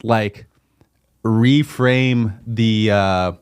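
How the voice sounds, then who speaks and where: Young guy on a podcast, lowish smooth voice, lots of um and like, restarts a lot. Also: steady tone. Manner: halting, many fillers and restarts. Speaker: podcast host. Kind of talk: casual chat.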